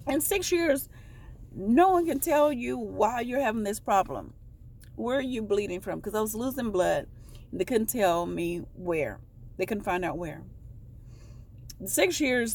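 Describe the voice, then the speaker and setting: A woman vlogger telling a personal story in a casual, rambling way, often halting to correct herself. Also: mid-range voice, a little mellow, a little hiss or hum.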